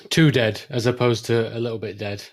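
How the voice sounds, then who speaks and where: Man, quippy, casual commentary, middle pitch. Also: fairly even intonation, brisk. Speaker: podcast co-host. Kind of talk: casual film commentary chat.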